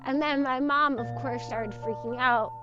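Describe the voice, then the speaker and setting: Higher-voiced woman telling her story. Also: fairly even intonation, normal speed. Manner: candid, conversational, with short laughs. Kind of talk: personal storytelling monologue. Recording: slightly muffled with faint music.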